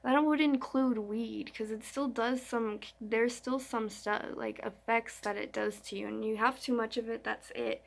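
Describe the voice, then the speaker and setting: A woman's voice: fairly high pitch, fairly even intonation, a little slow, vocal fry, hardly any pauses. A young woman vlogger telling a story in a slangy, rambling, frank way. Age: young adult. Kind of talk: casual storytime chat.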